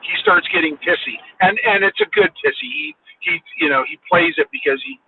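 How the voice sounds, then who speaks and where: A man's voice: high-pitched, huge pitch swings, fairly quick, gravelly, breathy edge. A man from Washington state, chatting casually and asking curious questions. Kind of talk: casual chat. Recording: tinny phone line with faint hiss.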